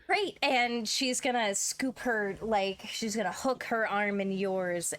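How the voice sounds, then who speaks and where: A woman's voice: medium pitch, fairly bright tone, clean tone, no echo. Casual woman game master. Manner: casual, laughing, with fillers. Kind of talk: narrating a tabletop game.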